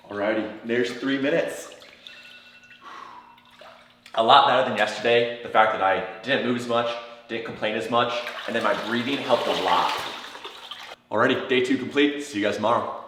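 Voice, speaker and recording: A man's voice: lowish voice, fairly bright tone, echoey room. A young man talking casually to camera as a vlogger, chatty and swearing as he gets into cold water. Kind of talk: casual vlog talk to camera.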